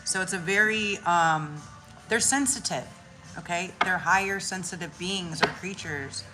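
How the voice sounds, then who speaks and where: A woman's voice: fairly low pitch, unhurried, over music. A woman chatting casually about spirituality, loose and slangy, swearing freely and acting out little voices as she tells stories. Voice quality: animated storytelling with voices. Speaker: spiritual content creator.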